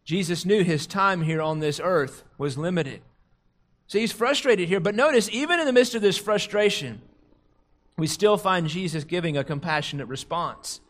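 A middle-aged male pastor delivering a sermon in a somewhat high voice. He talks earnestly, eases into slow, hushed tones for quoted prayer and scripture, then climbs in pitch and loudness to drive a point home. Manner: rises in pitch and volume when stressing a point.

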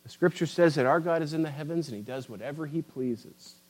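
Man, preacher, fervent sermon, swings between loud emphasis and quiet asides, fairly high pitch. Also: brisk, low-quality recording. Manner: impassioned, rising and falling emphasis, addresses listeners as beloved.

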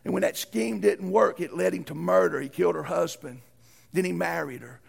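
A pastor man delivers a sermon in plain folksy talk. His voice sits high and is very gravelly with a husky edge. He swings between shouted peaks and hushed drops. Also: fairly quick. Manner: folksy, uses ain't and y'all.

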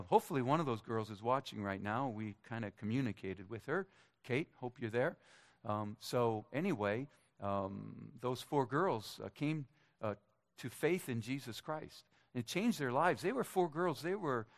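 A middle-aged man from Minnesota giving a personal testimony to a church congregation, in a conversational, halting way with light jokes. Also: mid-range voice. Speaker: church speaker.

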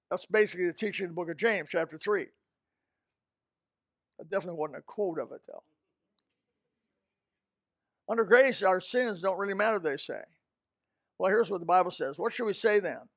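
A man preaching a sermon in an emphatic style, swinging between loud outbursts and quiet, low asides. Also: moderate pace, pauses often, no room sound, studio quality.

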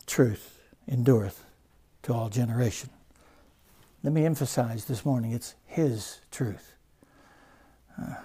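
A man preaching a sermon as pastor, moving between loud, emphatic declarations and hushed, stressed words, with a repetitive preaching cadence. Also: medium pitch, vocal fry, slightly rough.

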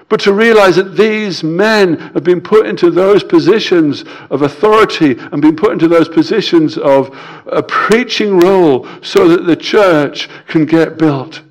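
A man preaching a sermon in a somewhat high voice. He presses his points with repetition, rising loud on key words and sinking quiet at line ends, and stumbles into restarts now and then. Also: measured pace. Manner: emphatic, repeats key phrases, swings between loud and quiet; stammers and restarts.

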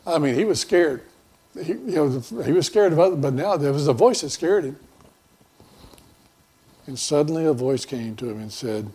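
Husky-voiced folksy pastor. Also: male voice, mid-range voice, normal speed, long pauses, dark tone. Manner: folksy, rambling, with many fillers and restarts. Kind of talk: conversational sermon.

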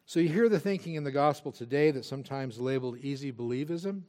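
A man's voice: mid-range voice, fast talker, warm tone. A male pastor preaching a sermon, earnest and emphatic, with frequent restarts.

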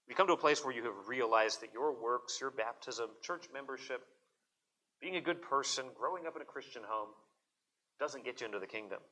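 Bright-voiced man preaching a sermon. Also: mid-range voice. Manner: earnest, emphatic, with quick repeated words. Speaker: pastor.

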